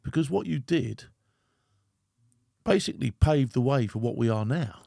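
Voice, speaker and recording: A man hosting an interview, talking eagerly, repeating his questions and giving quick affirmations. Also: medium pitch, animated, gravelly, mellow, no echo, studio quality. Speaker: host, interviewer. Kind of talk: conversational interview.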